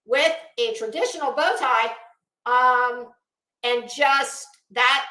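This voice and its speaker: Sassy woman with a bright, echoey sound. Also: sits high. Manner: chatty, opinionated and sassy. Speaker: fashion commentator. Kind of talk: casual commentary.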